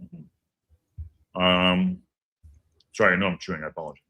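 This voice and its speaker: Bright-voiced man hosting a chatty stream. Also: deep voice, level tone, fast. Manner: chatty, loose, reads out viewer messages. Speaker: podcast host reading viewer chat. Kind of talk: casual live watch-along chat.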